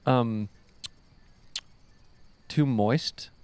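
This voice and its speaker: A man's voice: mid-range voice, extremely slow, a little mellow, smooth. A man hosting a podcast, chatting loosely and rambling, swearing casually. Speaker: podcast host. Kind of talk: casual chat.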